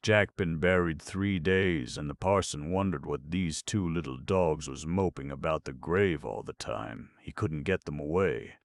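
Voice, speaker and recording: A man reading folk tales and scholarly notes for an audiobook, steady and plain. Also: rumbling low, unhurried, few pauses. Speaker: audiobook narrator.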